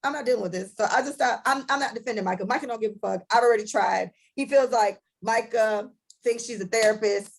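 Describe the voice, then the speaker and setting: A woman's voice: a little high, fast talker, gravelly, a little hiss or hum, poor audio. A young woman co-hosting a casual podcast, telling a story bluntly and profanely and acting out both sides of an argument. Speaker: podcast co-host.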